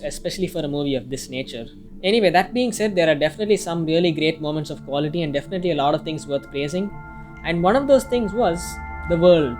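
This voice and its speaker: A man's voice: a little high, darkish tone. A man reading a casual, opinionated film review, now and then swearing mildly. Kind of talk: scripted review narration. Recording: music playing faintly behind.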